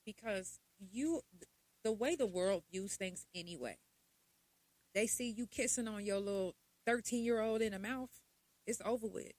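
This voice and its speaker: A young adult woman, hosting a podcast in a blunt, profane, animated casual monologue. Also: mid-range voice, a little slow, no echo. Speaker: podcast host.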